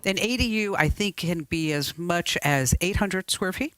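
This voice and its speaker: A woman hosting a podcast, talking in a chatty, animated way, her voice rising and falling widely as she laughs and tells stories. She sounds close and dry at a studio mic, with no room sound around her. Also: lowish voice, moderate pace, no echo. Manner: chatty, laughs often, lively storytelling. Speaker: podcast host. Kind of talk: casual studio banter.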